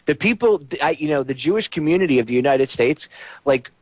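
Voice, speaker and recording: A man's voice: a little high, lively intonation, a little fast, no room sound. A man hosting a radio show, talking in a rambling, conversational way with frequent stammers. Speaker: radio host. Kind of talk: casual talk radio chat.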